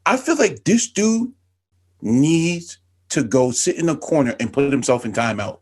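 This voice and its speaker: A man's voice: mid-range voice, big pitch swings, a little slow, darkish tone. A man co-hosting a podcast, rambling in casual slang. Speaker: podcast co-host. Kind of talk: casual chat.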